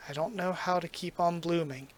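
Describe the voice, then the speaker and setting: A man's voice: fairly high pitch, steady tone, normal speed, lightly acted. A man reading as a gloomy vain peacock. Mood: melancholy. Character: vain young male peacock civil servant, melancholy.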